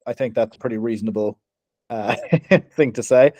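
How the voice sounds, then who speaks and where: A young man co-hosting a podcast, talking in a halting, giggly way with many restarts in a casual comedy chat. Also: mid-range voice, mellow, no room sound. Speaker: podcast co-host.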